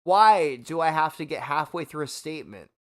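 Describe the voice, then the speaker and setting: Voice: medium pitch, expressive, moderate pace, fairly bright tone. A drunken livestream rant from a streamer a few shots in. The voice swings widely up and down, loaded with curses and exasperation, and broken by hiccuping gasps between words. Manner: swearing, exasperated ranting. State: tipsy from shots.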